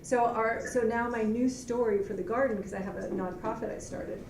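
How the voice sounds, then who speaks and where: A woman's voice: a little high, steady tone, moderate pace. Nervous eager woman, echoey distant sound. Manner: eager, rambling. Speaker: student, school garden founder. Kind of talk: sharing in class. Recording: echoey room, distant, noisy.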